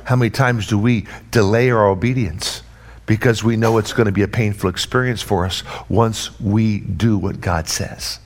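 A man preaching a sermon in an emphatic, repetitive cadence, swinging between raised and hushed delivery. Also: on the low side.

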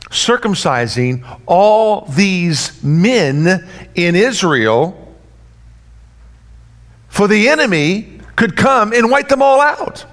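A male preacher with a slightly high-pitched voice delivers his sermon in a driving, repetitive cadence. He builds phrases in threes, then falls quiet and low to drive the point home. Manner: emphatic repetitive preaching cadence, swinging between raised and hushed delivery.

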